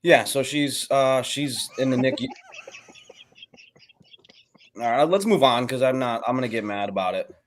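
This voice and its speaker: A man co-hosting a casual chat show, speaking in a blunt, deadpan way. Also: mid-range voice, a little slow, long pauses, slight background noise. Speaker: co-host.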